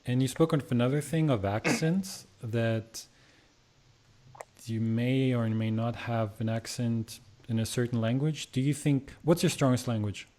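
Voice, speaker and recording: A man hosts a relaxed interview in a mellow, warm voice at a middle pitch. He asks curious follow-up questions in an easy, conversational way. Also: measured pace. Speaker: interview host. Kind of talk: casual interview.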